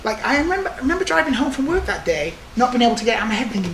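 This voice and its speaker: A man working as a prison guard, telling stories from the job in a restless, animated way full of asides. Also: very high voice, rapid-fire, a little hiss or hum. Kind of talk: storytelling monologue.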